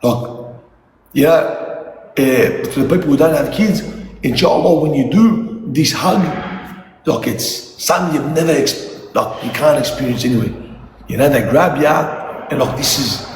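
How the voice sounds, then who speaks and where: An animated middle-aged man tells stories about his kids in a casual chat, swearing and laughing as he goes. His voice sits a little high. The sound is roomy with a long reverb and a faint hum of noise. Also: a little slow, pauses often. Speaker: father talking to viewers. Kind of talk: casual storytelling livestream.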